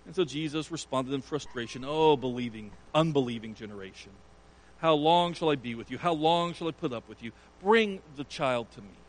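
A man's voice: medium pitch, animated, a little fast, rough recording. A man preaching a sermon, retelling a scripture story with earnest emphasis. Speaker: pastor.

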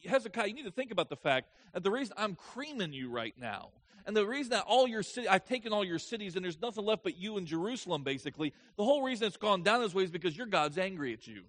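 A man's voice: high voice, very animated, quick pace, few pauses, fairly bright tone, exaggerated voice. A man voicing a boastful ancient official. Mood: taunting. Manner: mocking, blunt modern paraphrase. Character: boastful Assyrian official taunting a king.

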